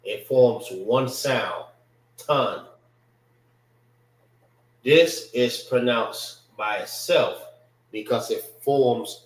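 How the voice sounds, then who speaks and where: A man leads a language class at an unhurried pace, going over each word again and again. His voice has a mid pitch and echoes around the room he teaches in. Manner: slow, repeats words while spelling them out. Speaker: religious class instructor.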